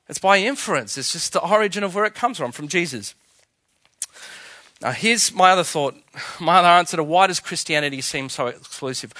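Emphatic high-voiced male preacher. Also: pushed and bright, no room sound. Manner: emphatic, rhetorical questions. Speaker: pastor. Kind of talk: sermon.

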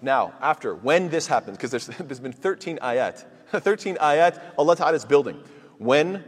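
A man teaching a commentary class on the Quran. He quotes Arabic verses in quick recitation and keeps asking rhetorical questions, then answers them himself. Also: medium pitch, expressive, husky. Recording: long reverb, echoey room.

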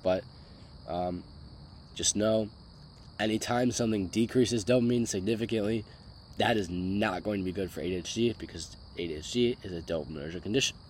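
A man's voice: lowish voice, a little fast, a little hiss or hum. A young man with a sick voice, rambling dismissively through a solo podcast rant and repeating his words. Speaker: podcast host.

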